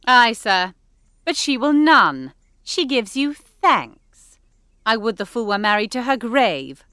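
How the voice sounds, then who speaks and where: Brief: actress as a curt, cold aristocratic mother, higher bright voice. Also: very animated, slow pace, smooth, no echo, studio quality, full character voice. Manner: curt, dismissive. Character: cold, haughty noble mother. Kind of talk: classical stage drama.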